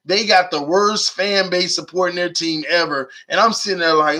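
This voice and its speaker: Young male live-stream sports host, high bright voice, slangy and animated. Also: normal speed, hardly any pauses. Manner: animated, slangy, reads chat aloud, urges viewers.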